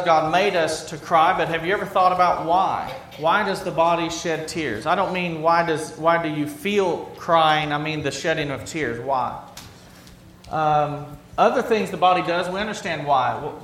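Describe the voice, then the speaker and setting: A middle-aged man delivers a sermon in a talky, conversational style, his fairly bright voice a bit higher than typical for a man. He asks question after question and repeats his own phrases for emphasis. The room is echoey, with a faint hum of ambience beneath.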